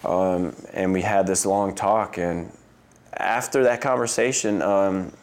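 An American man in his thirties, a guest in a casual interview, telling stories in a loose, chatty way and acting out other people's lines in a higher voice, with frequent laughs. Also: takes it slowly. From United States. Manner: animated storyteller who acts out quotes with a jump in pitch.

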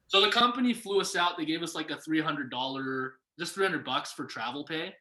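A young man telling a story in casual conversation, lively and acting out what people said. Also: a little high, a little fast. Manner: animated, acts out quoted voices. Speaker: guest. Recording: echoey room.

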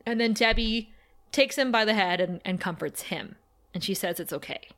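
A woman co-hosting a podcast, recapping an episode with animated storytelling. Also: normal speed. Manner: animated storytelling, quotes characters with raised pitch. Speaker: podcast co-host. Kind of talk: casual recap chat.

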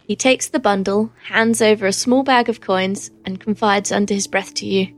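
A woman narrating as game master of a tabletop game, unhurried, with many ums. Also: medium pitch, steady tone.

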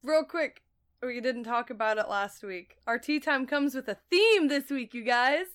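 A woman's voice: sits high, measured pace, smooth. A woman co-hosting a podcast, recapping a TV show in casual chat, laughing often and swearing freely. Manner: laughing, profane, animated retelling. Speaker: podcast co-host.

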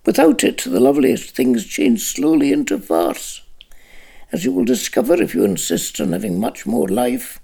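Man voicing a fussy gravelly conjurer. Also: high-pitched, wildly swooping pitch, normal speed, darkish tone, heavily acted. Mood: querulous. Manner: fussy, self-important, querulous. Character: fussy, querulous male conjurer-author. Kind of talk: audiobook character reading.

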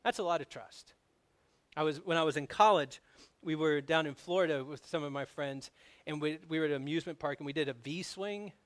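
A man delivers a sermon from the pulpit, his voice sitting a touch higher than most men's. He tells personal stories with animated energy, pushing louder and higher when he drives a point home. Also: fairly quick. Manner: storytelling, animated, grows loud on emphasis. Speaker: pastor.

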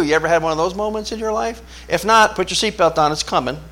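A man preaching a sermon as pastor, talking conversationally and asking his listeners questions, swinging from hushed asides to loud, emphatic bursts. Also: a little high, lively intonation, fast, hardly any pauses. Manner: conversational, asks the congregation questions.

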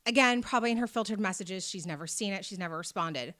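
A woman chatting casually, telling an animated story and acting out the people in it. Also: mid-range voice, quick pace. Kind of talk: casual chat.

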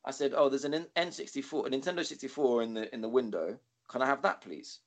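A man, co-hosting a podcast, telling a rambling, sweary story with animated quoting. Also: mid-range voice, fast. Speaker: podcast co-host. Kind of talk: casual storytelling chat.

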